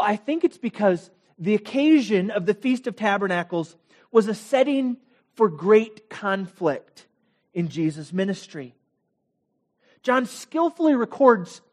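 A man preaching a sermon, telling the story dramatically with rhetorical questions and swings between loud bursts and quiet asides. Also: sits high. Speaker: pastor.

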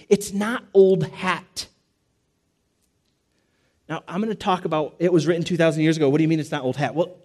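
A man preaching a sermon in an emphatic, repetitive way, slowing to stress key phrases and dropping his voice low. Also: dark tone. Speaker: pastor.

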